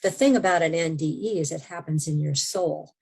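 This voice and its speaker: Gravelly, husky-voiced woman telling her story. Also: deep voice, fairly quick. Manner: animated storyteller, drops to hushed tones. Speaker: memoir author and interview guest. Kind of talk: conversational storytelling interview.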